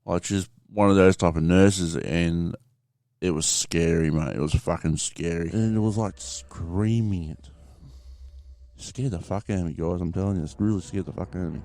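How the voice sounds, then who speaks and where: A man's voice: low-pitched, fairly even intonation, normal speed, warm tone. A man hosting a podcast, rambling casually through a story and swearing freely as he talks to his listeners. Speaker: podcast host.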